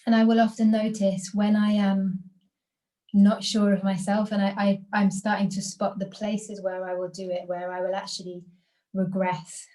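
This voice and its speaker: A woman leading a guided group workshop over a video call, speaking in a calm, encouraging way that invites reflection. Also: mid-range voice, normal speed, rough recording. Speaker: workshop facilitator.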